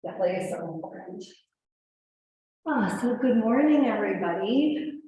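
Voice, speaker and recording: A woman in her thirties leads a gentle yoga class, chatting easily and telling stories in a relaxed, rambling way. Her voice is a little hoarse. The room around her rings with heavy echo, and a faint ambient hum sits underneath. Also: medium pitch, measured pace. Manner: chatty, storytelling, many "like" asides. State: slightly hoarse. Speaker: yoga teacher. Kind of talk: casual class talk. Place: yoga studio.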